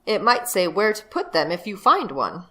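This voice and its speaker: A woman's voice: mid-range voice, very animated, moderate pace, a bit bright. Woman doing a scornful eldest brother. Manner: curt and dismissive.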